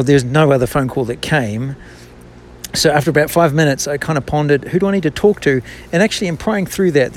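A man's voice: on the high side, a little hiss or hum. Candid man telling a faith story. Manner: candid, self-deprecating, reflective. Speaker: business owner, former banker.

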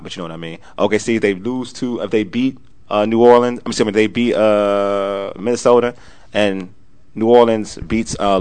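A man hosting a casual sports podcast, talking bluntly and animatedly in bursts. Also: fairly low pitch. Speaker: podcast host.

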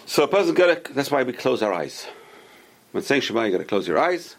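Gravelly-voiced man teaching a Torah class. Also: medium pitch, big pitch swings, fairly quick. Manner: explanatory, repeats points, asks and answers his own questions. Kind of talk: casual Torah lesson.

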